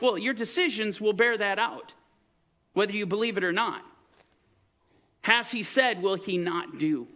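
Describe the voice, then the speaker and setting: Bright, high-pitched man preaching emphatically. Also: unhurried, pauses often. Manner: emphatic, preacherly, swings between soaring and hushed. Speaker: teacher. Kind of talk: sermon-style Bible teaching.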